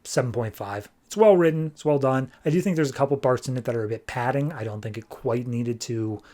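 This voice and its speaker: A male podcast host reviews a comic book in a loose, conversational way. He talks with animated energy and scatters filler words through his sentences. His voice sits at a plain middle pitch. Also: fairly quick.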